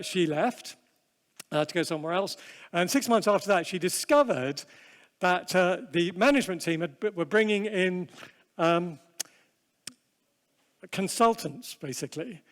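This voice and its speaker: A man's voice: high voice, long reverb tail. A man giving a humorous, self-deprecating seminar talk, telling stories with frequent restarts and fillers. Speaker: seminar speaker. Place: large hall with long reverb.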